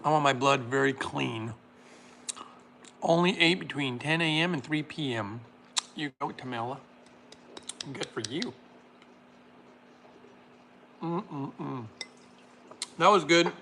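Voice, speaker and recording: A man hosting a casual livestream, reading chat comments aloud and laughing often while making a smoothie. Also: a little high, unhurried, pauses often, noisy background.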